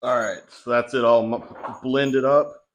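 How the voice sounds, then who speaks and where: A young man, a bodybuilding vlogger, chats casually from his home kitchen in a loose way, with lots of fillers. His mid-range voice moves slowly with fairly even intonation, and the recording has its highs cut off.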